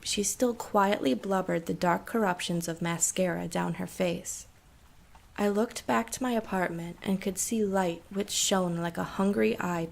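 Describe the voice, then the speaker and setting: A woman narrating a scripted horror story in a steady, measured way. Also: fairly low pitch, vocal fry.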